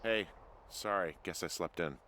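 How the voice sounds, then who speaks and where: A man voices a tired, dry-humored fire lookout in a video game. His voice sits low and even, delivering sarcastic lines flatly. He sounds worn out and unimpressed. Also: moderate pace, background noise, close to an everyday voice. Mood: sardonic. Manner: deadpan, sarcastic.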